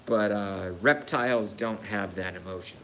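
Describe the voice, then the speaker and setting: A man live-streaming a casual rant, slow and halting, with sighs and swearing, emotional and grieving. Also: on the low side, a bit bright, slight background noise.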